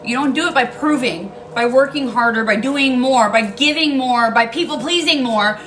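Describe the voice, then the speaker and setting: In a high-pitched, slightly bright voice at a moderate pace, a woman gives a casual tarot reading. She is blunt and emphatic, swears freely, and repeats key lines, all on poor-quality audio.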